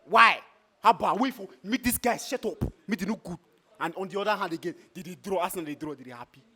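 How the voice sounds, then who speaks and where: A man's voice: high-pitched, fast talker, sharp tone, husky. A man with a Nigerian Pidgin English accent, ranting in a heated, exasperated way as a football fan in a street reaction.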